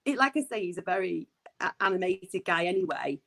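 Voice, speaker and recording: A woman's voice: lowish voice, a little fast, gravelly, low-quality recording. Bubbly woman guest, laughing a lot. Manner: bubbly, laughs often, animated storyteller. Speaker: guest, sports broadcaster. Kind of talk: casual interview chat.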